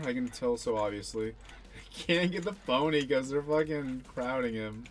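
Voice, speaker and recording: A man's voice: medium pitch, moderate pace, a little hiss or hum. A young man casually talking through his own gameplay, rambling and self-deprecating, swearing now and then. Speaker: gaming channel host.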